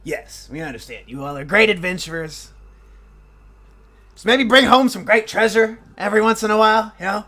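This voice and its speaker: Man playing a mild older gnome, raised pitch, smooths things over. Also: moderate pace, pushed and bright. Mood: placating. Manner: soothing, apologetic. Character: older male gnome twin, calm and placating.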